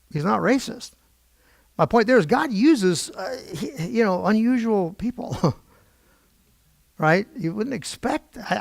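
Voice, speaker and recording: A middle-aged man teaching a Bible prophecy class in an animated, digressive way, with frequent exclamations. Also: sits high, vocal fry, no echo, studio quality. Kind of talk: informal Bible lesson.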